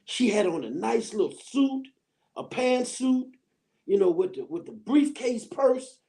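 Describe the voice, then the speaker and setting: A middle-aged woman telling a story as a guest on a talk show, animated and laughing as she acts it out. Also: on the high side, unhurried. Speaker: guest, former school counselor. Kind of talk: storytelling in casual chat.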